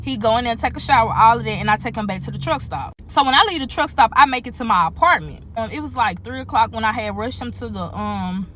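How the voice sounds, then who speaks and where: A woman telling a personal story to viewers in a casual, animated and profane way. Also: on the high side, fast, hardly any pauses, slight background noise.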